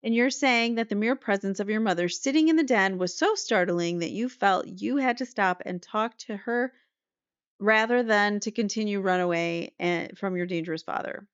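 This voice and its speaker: A woman's voice: medium pitch, normal speed, clear, resonant tone, no echo, close to an everyday voice. A woman reading as a pressing courtroom prosecutor. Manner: pressing, repetitive questioning. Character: pointed courtroom prosecutor cross-examining. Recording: slightly muffled dry recording.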